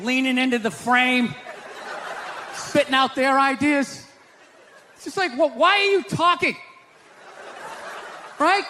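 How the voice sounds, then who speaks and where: A male stand-up comedian doing a brash set, shouting and talking to the crowd. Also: extremely high pitch. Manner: brash, shouting, talks to the audience. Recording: live room with crowd and noise.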